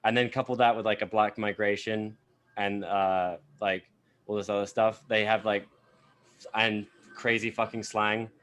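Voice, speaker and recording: A man's voice: fairly low pitch, flat delivery, unhurried, a bit bright. A man co-hosting a podcast talks in loose, rambling casual chat. He piles on filler words and swears freely. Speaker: podcast co-host.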